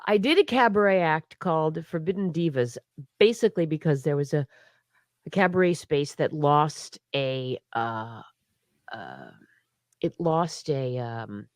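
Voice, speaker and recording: A middle-aged woman, a guest performer, chats in a casual interview with a deep, expressive voice at a slightly slow pace. She's talkative and laughs a lot, with many restarts and hiccups, captured in a dry, clean studio recording.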